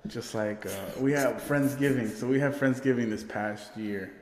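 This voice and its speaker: A man's voice: mid-range voice, fairly even intonation, normal speed, a little mellow. A man telling a party story in casual chat, rambling and swearing, laughing often. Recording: roomy with long reverb.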